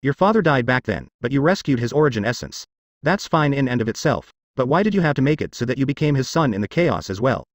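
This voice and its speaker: A man's voice: mid-range voice, lively intonation, fast, dry recording, studio quality, natural voice. A man voicing an angry, resentful immortal woman in a fantasy audiobook, speaking coldly and accusingly. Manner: cold and accusing.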